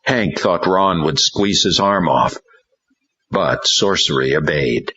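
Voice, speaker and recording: Deep husky male narrator, slow dramatic audiobook read, dull lo-fi audio. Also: pushed and bright. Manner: dramatic storytelling. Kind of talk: scripted narration. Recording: dull lo-fi recording.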